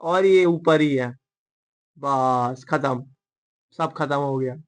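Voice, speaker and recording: A man hosting a manga readalong, commenting casually with rapid, joking asides. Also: mid-range voice.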